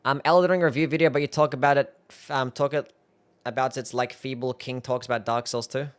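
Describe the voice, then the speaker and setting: A man's voice: medium pitch, steady tone, fairly quick, clean tone. A young man streaming live, reacting to his own old videos, laughing, swearing and mocking himself.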